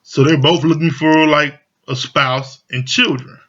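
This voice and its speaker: A man's voice: a little high, steady tone, a little slow, fairly bright tone. A man casually recapping a reality show, talking loosely with lots of slang and fillers. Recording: dull lo-fi audio.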